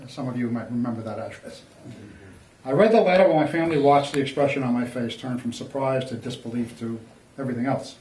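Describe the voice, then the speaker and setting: A man's voice: mid-range voice, darkish tone, far from the mic. Older man, author talk, conversational storyteller, off-mic, roomy echo. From Long Island, New York. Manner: conversational, acts out family dialogue, frequent asides. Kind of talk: public book talk, retelling stories. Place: local historical society meeting room.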